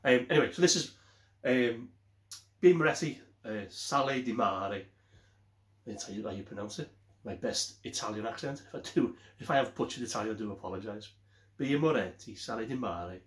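A man's voice: medium pitch, fairly quick. A man casually reviewing a beer on his vlog, rambling and often correcting himself. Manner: rambling, self-correcting, chatty. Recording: echoey room.

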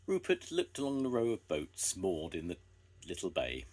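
An older man reading a children's story aloud, gentle and expressive. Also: low-pitched, moderate pace.

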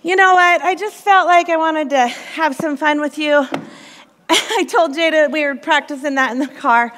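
Bright-voiced woman preaching in a hall. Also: high-pitched, moderate pace. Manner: lively, playful, personal storytelling. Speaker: youth pastor. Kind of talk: sermon with comedic opening skit. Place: church sanctuary. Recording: long reverb in a church hall.

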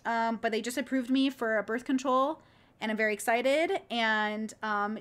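Woman streamer, bit higher voice, gushing and cursing freely in loose casual chat. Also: moderate pace. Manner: excitable, profane, rambling. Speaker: streamer reacting to video clips.

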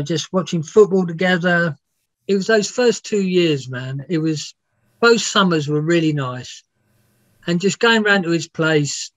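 In a casual interview, a music biographer with a high-sitting, slightly bright voice spins rambling anecdotes full of laughter and some swearing. The lo-fi recording sounds dry and dull.

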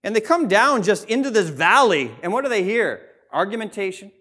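A pastor preaching a sermon in a church, reading scripture and explaining it in a conversational way with frequent asides. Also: male voice, high voice, big pitch swings, brisk, bright, forceful tone. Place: church sanctuary.

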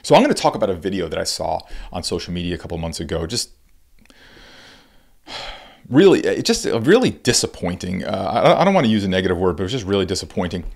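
A middle-aged man hosting a solo podcast as a baseball coach, talking in an animated, conversational way, restarting sentences and acting out what players and coaches say with big jumps in pitch. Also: fast talker, gravelly. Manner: frequent restarts and repeated words.

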